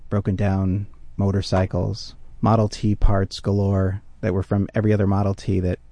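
Gravelly, deep-voiced male storyteller. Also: flat delivery, moderate pace, mellow, dry recording. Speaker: storyteller guest. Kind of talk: personal storytelling.

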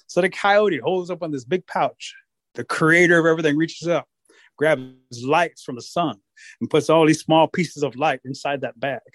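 A man telling a folktale aloud with rhythmic repetition and animated delivery. His voice is slightly high. The recording is dry and close with little room sound. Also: normal speed, no room sound. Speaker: storyteller. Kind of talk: oral folktale storytelling.

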